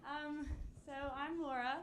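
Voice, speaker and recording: A woman's voice: high voice, fairly even intonation, a little slow, very noisy. Chatty young woman on stage. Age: early 20s. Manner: chatty, many fillers. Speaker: college student performer. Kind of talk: casual stage talk. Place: live show with audience.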